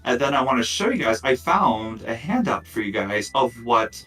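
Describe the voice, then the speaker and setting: A man narrating as dungeon master of a tabletop game, casual and relaxed, with lots of fillers and asides. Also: medium pitch, normal speed, far from the mic, faint music behind, poor audio.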